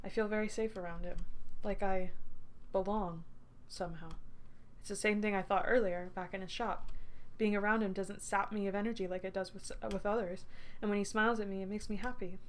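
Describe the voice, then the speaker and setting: A young woman streamer with a medium-pitched, steady voice reads a visual novel aloud at a fairly quick clip. She keeps interrupting to swear freely and burst into laughter at it.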